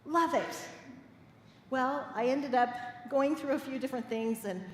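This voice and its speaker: A middle-aged woman minister preaching a sermon, telling personal stories in a lively, playful way and laughing with the congregation. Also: high-pitched, unhurried. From Midwest United States. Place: church sanctuary. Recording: echoey hall with faint room noise.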